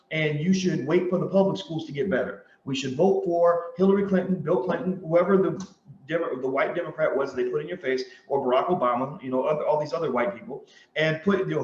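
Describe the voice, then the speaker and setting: Speaking in a fairly high, slightly mellow voice, a man hosts a commentary monologue with emphatic delivery. He repeats his points and tells stories using quoted dialogue, and the recording sounds roomy, dull and lo-fi.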